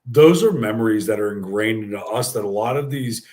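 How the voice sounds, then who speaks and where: A man's voice: on the low side, brisk. A man, hosting a casual chat and telling stories with lots of swearing. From New York. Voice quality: profane, animated storyteller. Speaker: podcast host.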